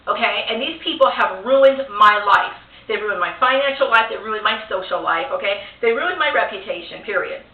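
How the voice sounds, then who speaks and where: A woman's voice: fairly high pitch, bright, forceful tone. A woman giving an agitated personal rant to camera. She keeps circling back to the same complaints and ends her sentences with a pleading "okay?". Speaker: vlogger. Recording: echoey, phone-like sound from a distant mic.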